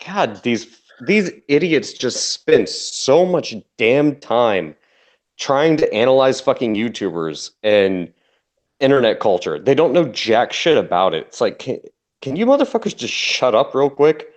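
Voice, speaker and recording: A man's voice: mid-range voice, big pitch swings, measured pace. Swearing man ranting on a stream. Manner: profane, heated ranting. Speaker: guest co-host. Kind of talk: casual ranting commentary.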